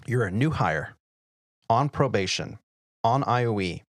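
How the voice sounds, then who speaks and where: A middle-aged man hosting an aviation podcast, telling flight-deck stories in a lively, casual way. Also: medium pitch, a little slow, dry recording, clean studio sound. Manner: animated storyteller, acts out quoted voices and laughs. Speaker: podcast host and airline pilot. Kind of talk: casual storytelling chat.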